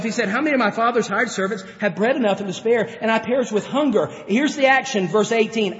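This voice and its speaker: A man preaching a sermon, telling Bible stories in an animated way and acting out the characters. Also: sits high, fast talker, hardly any pauses. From grew up on a farm. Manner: animated storytelling, acts out Bible characters, chuckles. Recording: dull lo-fi sound with long hall reverb.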